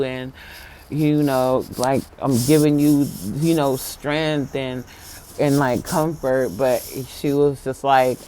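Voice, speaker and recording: An excitable vlogger recounting a spiritual encounter to viewers, dropping to a hush, then bursting out loud and laughing. Talk is loose and full of fillers like "like" and "um", with frank, casual swearing. The voice sits at a middling pitch. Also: a little hiss or hum. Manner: filler-heavy, lots of "like".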